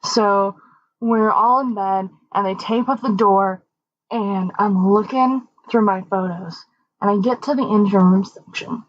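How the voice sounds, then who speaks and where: A young woman co-hosting a podcast, telling a story casually and acting out the quoted voices with big jumps in pitch. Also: unhurried. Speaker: podcast co-host. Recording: dull, dry lo-fi mic.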